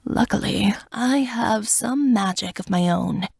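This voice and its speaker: A woman voicing a protective, defiant cursed male dragon in whispered role-play, speaking gravely and with determination. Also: mid-range voice, a little slow, darkish tone, no echo, studio quality, heavily acted. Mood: grim resolve.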